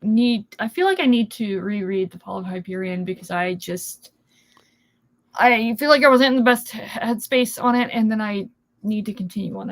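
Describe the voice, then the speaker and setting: A woman's voice: mid-range voice, normal speed. A woman taking part as a guest in a casual livestream book chat over a video call, blunt and a little hesitant.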